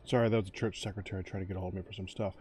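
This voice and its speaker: Everyday man, relaxed and offhand, family dinner chat. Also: sits low, rapid-fire, slight background noise.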